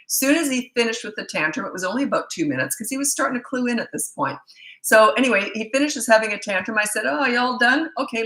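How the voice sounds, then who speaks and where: In an echoey room, a middle-aged woman who coaches parents and hosts a channel answers questions in a casual monologue with anecdotes. Her mid-range voice has a sharp tone, and she talks bluntly and chattily, often dropping in "anyway" asides and quick laughs.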